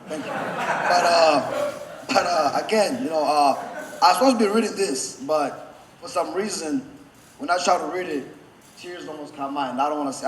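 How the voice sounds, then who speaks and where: A man giving a best man's toast, choked up and holding back tears, halting with many fillers and restarts. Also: on the high side. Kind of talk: wedding toast. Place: wedding reception hall. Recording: echoey reception hall with faint background noise.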